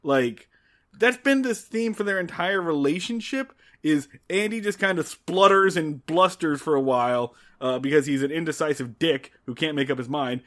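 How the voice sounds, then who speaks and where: A man with a high voice co-hosting a casual podcast. He recaps a show with wry exasperation, slipping into quick acted-out lines for the characters. His talk is loose and full of fillers. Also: expressive, fairly bright tone. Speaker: podcast co-host. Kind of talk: casual chat recapping a TV episode.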